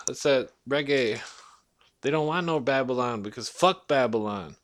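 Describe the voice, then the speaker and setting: A man's voice: medium pitch, lively intonation, normal speed, fairly bright tone. A man delivering a blunt, profanity-heavy casual rant to the camera. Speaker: vlogger.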